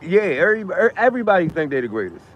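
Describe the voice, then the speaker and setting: A man's voice: sits high, very animated, fast. Fired-up man ranting on a stream. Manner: emphatic, repetitive, rhetorical questions, profane. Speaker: live streamer. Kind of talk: casual live-stream rant. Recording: muffled lo-fi sound with faint noise.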